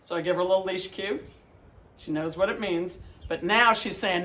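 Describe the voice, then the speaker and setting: A man with a notably high voice leads a dog training demonstration. He explains each step patiently to the viewer. He breaks off often to give the dog bright, encouraging praise. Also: normal speed, slight background noise, low-quality recording.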